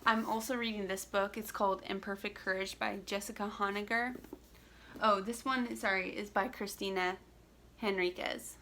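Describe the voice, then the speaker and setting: Bright-voiced young woman vlogging casually. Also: mid-range voice, fairly even intonation, moderate pace, a little hiss or hum. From Central Florida. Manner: rambling, full of "like" and restarts. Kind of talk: casual chat to camera. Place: home in Florida.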